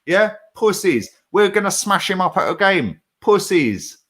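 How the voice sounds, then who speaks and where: Brash middle-aged bloke, lively swings in pitch, sweary street slang, casual chat. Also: male voice, a little slow.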